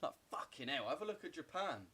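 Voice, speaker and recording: A man's voice: fairly high pitch, sing-song, fairly quick, sharp tone, slightly rough. A man, chatting loosely and profanely with viewers during a livestream trading session. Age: 20s. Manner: loose, profane banter, answering viewers' chat. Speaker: trading streamer. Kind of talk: casual livestream chat while trading.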